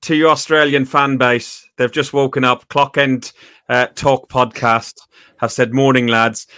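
A man's voice: medium pitch, little pitch movement, measured pace, bright, forceful tone, clear, resonant tone, no echo, studio quality. A man hosting a fan podcast, with a chatty manner full of stammered restarts. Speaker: podcast host. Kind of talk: casual podcast chat.

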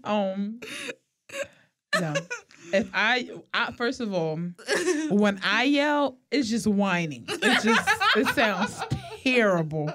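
A woman's voice: mid-range voice, very animated, takes it slowly, a bit bright. A young woman co-hosting a podcast, chatting casually with slang and swearing and laughing often. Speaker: podcast co-host. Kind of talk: casual chat.

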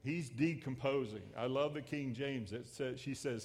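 A man pastor preaching a sermon, swelling loud and then dropping to hushed lines. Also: mid-range voice, moderate pace. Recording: echoey hall with long reverb.

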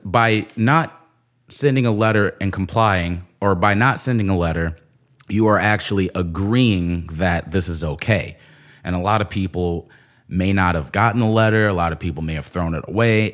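Man, low voice, casual profane rant, sarcastic storyteller. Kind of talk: casual ranting monologue.

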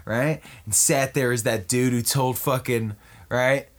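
A man in comedic banter, pitching absurd movie ideas in an excitable, profane way and constantly asking "right?". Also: measured pace.

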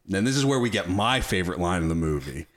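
A man's voice: sits low, quick pace. A man hosting a casual film discussion, talking enthusiastically and swearing freely. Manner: profane, enthusiastic, animated. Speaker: podcast host.

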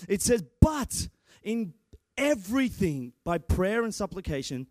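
Young guy preaching, excitable, stumbles and restarts then shouts, highish voice, dry close mic. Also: unhurried, dry recording. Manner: animated, excitable, with many restarts and rising shouts. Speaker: preacher and church guitarist. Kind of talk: sermon. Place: church.

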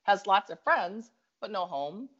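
A woman's voice: medium pitch, unhurried. Chatty Minnesotan woman telling a story. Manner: animated, laughs often, talks in bursts. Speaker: guest storyteller. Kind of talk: casual storytelling chat. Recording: slightly dull lo-fi audio.

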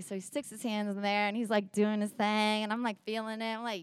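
A young woman telling a bawdy comic story, animated and full of voiced asides. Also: medium pitch, fairly quick, few pauses, clean tone, no room sound. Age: young adult.

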